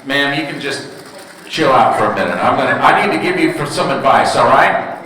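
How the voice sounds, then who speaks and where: A man's voice: mid-range voice, expressive, fairly quick, sharp tone. A man in his fifties doing stand-up comedy, telling stories about home life and talking with the audience. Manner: storytelling, crowd work with audience. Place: large hall with audience. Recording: echoey hall from far off.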